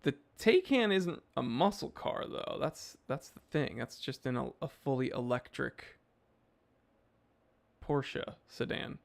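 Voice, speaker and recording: A man's voice: medium pitch, expressive, slow pace, creaky. A man hosting a live stream, reading chat messages and answering in a laid-back, rambling way with lots of fillers.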